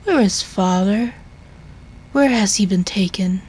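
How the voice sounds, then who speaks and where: A woman voicing a frail, confused elderly male professor in a video game, slow and halting. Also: medium pitch, darkish tone, husky.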